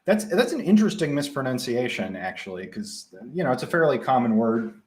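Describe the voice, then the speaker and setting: A young man with a Midwestern accent, casually presenting a live software tutorial with frequent ums and restarts. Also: medium pitch, very animated, fairly quick. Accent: Midwestern American.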